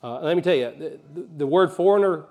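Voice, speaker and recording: A pastor from Alabama with a mild Southern accent, preaching a conversational sermon with folksy asides and rising emphasis. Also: male voice, on the high side, lively intonation, a little fast, phone-quality sound.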